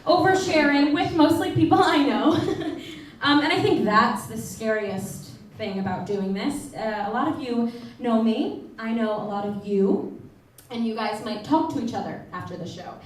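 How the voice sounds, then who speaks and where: A woman's voice: a little high, animated, normal speed. A young woman doing a stand-up comedy set, oversharing and self-mocking and laughing between her punchlines. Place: theater stage with live audience. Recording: distant, echoey live stage recording.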